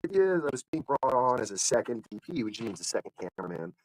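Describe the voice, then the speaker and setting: Lively rambling man hosting a live show. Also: mid-range voice, quick pace, poor audio. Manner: animated, acts out other people's lines in the stories; rambling, with frequent fillers and restarts. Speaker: livestream show host. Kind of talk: casual rambling storytelling.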